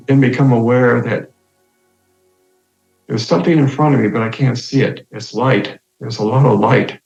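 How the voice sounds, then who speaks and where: A man telling the story of his near-death experience in the first person, slow and reflective, his voice climbing high when he gets excited. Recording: roomy, slightly dull sound with faint music.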